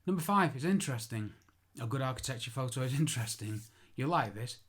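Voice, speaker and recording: Speaking fast and animatedly, this architectural photographer has a medium-pitched, slightly rough voice. His informal spoken tutorial is chatty, with self-deprecating remarks and out-loud self-corrections.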